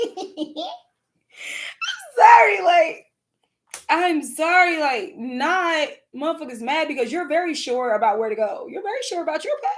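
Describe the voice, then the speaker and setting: High-voiced animated woman, Southern twang. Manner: animated, profane, laughing, repeats words. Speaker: spiritual content creator. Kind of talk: casual spiritual vlog talk.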